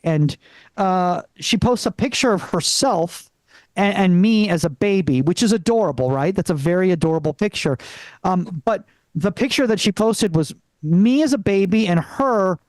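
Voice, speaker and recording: A young stand-up comedian from Venezuela works the crowd with a halting delivery, stumbling through fillers and restarts. His voice sits fairly high for a man. It comes through a stage mic and sounds dry and close. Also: a little mellow, no room sound. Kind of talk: live stand-up set.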